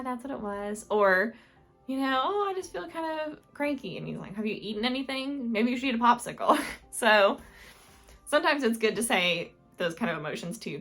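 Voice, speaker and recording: A young female lifestyle vlogger gives casual advice to the camera in a medium-pitched, slightly bright voice. She's chatty and rambling, full of filler words and frequent self-corrections.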